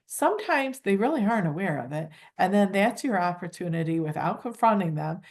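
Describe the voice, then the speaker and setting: A woman's voice: medium pitch, lively intonation, brisk, hardly any pauses. A middle-aged woman who coordinates volunteers, giving a conversational training talk in a humble manner. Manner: humble, conversational, acts out phone calls.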